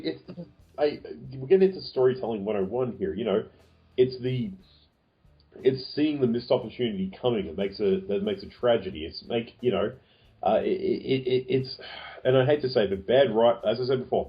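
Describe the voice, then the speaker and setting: A man's voice: mid-range voice, animated, moderate pace. A man co-hosting a casual chat, hesitant and full of ums, with jokey asides. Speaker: podcast co-host. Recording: dull lo-fi sound.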